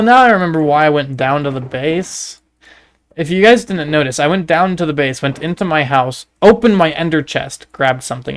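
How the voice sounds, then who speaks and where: Smooth-voiced Canadian man joking on stream. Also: on the high side. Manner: joking, rambling storyteller. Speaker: livestreaming gamer. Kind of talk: casual gameplay commentary.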